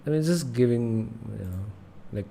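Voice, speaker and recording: A man's voice: mid-range voice, lively intonation, moderate pace, gravelly, dark tone, a little hiss or hum. A man hosting a casual gaming livestream, thinking aloud and muttering as he reads signs under his breath. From India. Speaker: livestream host.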